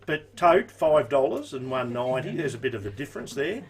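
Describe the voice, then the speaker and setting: A man's voice: mid-range voice, very animated, brisk, crowd noise. An Australian man giving horse racing tips and odds in an easygoing live-stream chat, full of casual slang. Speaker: racing tipster.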